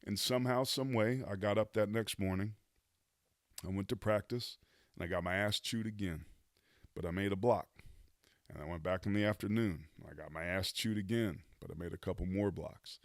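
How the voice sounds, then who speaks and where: A man's voice: on the low side, normal speed, dry recording, studio quality. A man in his fifties, a former pro football player, telling his life story as a podcast guest in an earnest, motivational way with casual slang. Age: 50s. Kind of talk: reflective storytelling in conversation.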